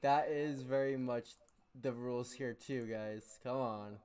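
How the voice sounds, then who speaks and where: A man in a mid-pitched voice hosts a casual voice chat. He sounds laid-back and mostly chimes in with short replies and quick directions. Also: fairly even intonation, a little mellow, clean tone.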